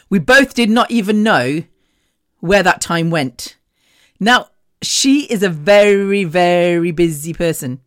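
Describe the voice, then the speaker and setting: A woman hosting a podcast, telling a personal story in a frank, chatty way and laughing often between sentences. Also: mid-range voice. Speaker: podcast host. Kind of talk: casual storytelling monologue.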